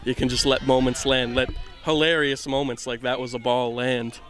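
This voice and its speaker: A man from the Boston area giving casual play-by-play commentary at a softball game outdoors, full of rambling, self-deprecating jokes. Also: mid-range voice, little pitch movement, normal speed.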